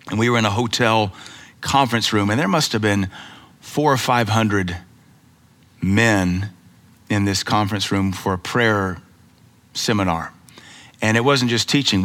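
A middle-aged American man, a pastor, preaching a sermon with lively storytelling and rhetorical questions. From United States. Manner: animated storytelling preacher, rhetorical questions, voices pitch up for emphasis.

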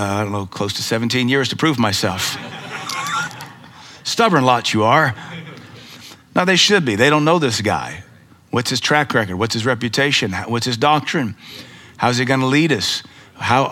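Bright-voiced American preacher giving a sermon. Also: male voice. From United States. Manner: animated storytelling preacher, rhetorical questions, voices pitch up for emphasis. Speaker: pastor.

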